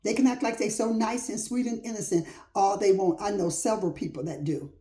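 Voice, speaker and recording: A woman's voice: medium pitch, steady tone, a little fast, warm tone. A woman delivering an informal faith-based motivational talk with an emphatic, repetitive preacher cadence and casual, folksy phrasing. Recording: roomy echo.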